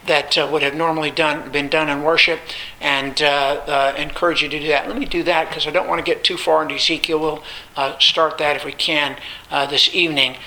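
A man teaching a Bible study lecture, stressing points with repetition and pausing often on filler sounds. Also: fairly high pitch, steady tone, bright, forceful tone, rough recording.

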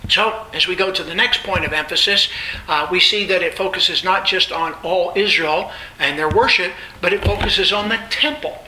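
Guy giving a bible lecture, kinda high voice, says uh a lot, echoey room w/ faint hiss. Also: moderate pace, bright, forceful tone. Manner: explanatory, repetitive emphasis with frequent "uh" fillers. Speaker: Bible teacher.

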